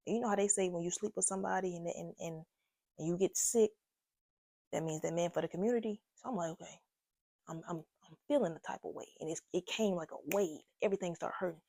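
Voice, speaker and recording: Young woman vlogger, husky and gravelly, lively slangy storytelling, dry close mic. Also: lowish voice, fast, dry recording. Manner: animated, slangy, talks straight to viewers. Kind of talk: casual storytime. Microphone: own microphone.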